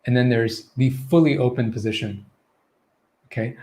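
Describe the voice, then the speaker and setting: Speaking at a normal pace in a mid-range, darkish voice, a man runs a live online pronunciation Q&A. He models vowels and keeps checking in with "okay?" and "right?".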